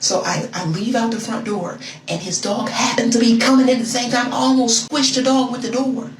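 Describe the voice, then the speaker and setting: A young woman telling a story casually in an animated, sassy way, acting out the quotes. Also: a little high, a little fast, hardly any pauses, roomy sound, distant mic, very noisy.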